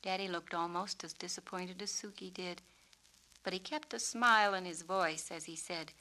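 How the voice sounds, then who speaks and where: A woman, the author, reading her own storybook in a clear, measured, descriptive way. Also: fairly low pitch, steady tone, bright, forceful tone, a little hiss or hum, poor audio. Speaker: author and narrator. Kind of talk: storybook narration.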